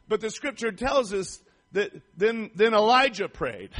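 A man delivers a fervent sermon in a notably high voice. He reads scripture aloud and breaks into asides to the congregation, climbing to shouted praise. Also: lively intonation, unhurried. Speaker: preacher.

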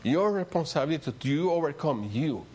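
A man's voice: a little high, lively intonation, fairly quick, darkish tone. An older man with a Spanish accent, a native Spanish speaker, preaching a rambling, story-filled sermon that builds to emphatic peaks. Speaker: pastor.

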